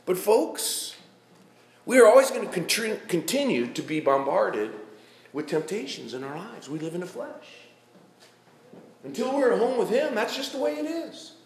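Lively, roomy male preacher. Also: high-pitched, moderate pace. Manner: folksy, addresses congregation by name. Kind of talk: sermon. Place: church.

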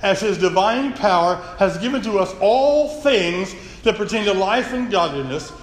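A man's voice: sits high, lively intonation, moderate pace. A man preaching a folksy, earnest sermon to his congregation. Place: church sanctuary. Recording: echoey church hall, faint room noise.

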